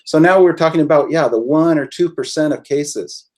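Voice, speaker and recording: A man speaking as an attorney guest on a webinar, measured and explaining legal outcomes step by step. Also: fairly high pitch, darkish tone.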